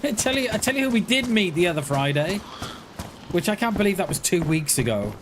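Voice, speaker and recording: A man's voice: high voice, big pitch swings, brisk. Rambling man streaming a game. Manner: rambling, chuckling, self-mocking. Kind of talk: casual livestream chat while gaming. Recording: noisy background.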